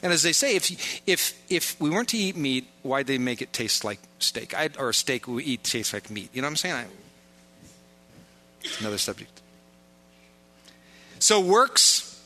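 A man's voice: mid-range voice, very animated, a little slow, long pauses, sharp tone. A man preaching a sermon as pastor, joking and informal in asides, pressing his points with emphatic repetition.

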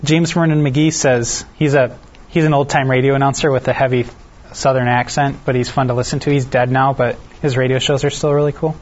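Relaxed man teaching scripture, lo-fi. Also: mid-range voice, a little fast. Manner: reads scripture aloud, then explains it in a relaxed, self-deprecating way; asks the listeners questions. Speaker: Bible study teacher. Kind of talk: conversational Bible teaching. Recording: dull lo-fi recording.

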